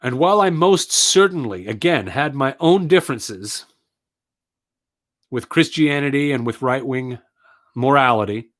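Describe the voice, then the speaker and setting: A man delivers a personal monologue in an earnest, indignant tone. His voice sits in an ordinary middle pitch, and he stresses his points by repeating phrases. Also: animated, unhurried, a bit bright. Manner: earnest, indignant storytelling with emphatic repetitions. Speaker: speaker telling his political story.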